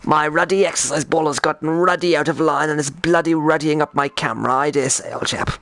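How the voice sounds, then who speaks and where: A young man voicing a stereotypical posh British gentleman in an exaggerated put-on British accent, blustering and full of old-fashioned slang. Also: on the high side, fairly even intonation, brisk, no room sound.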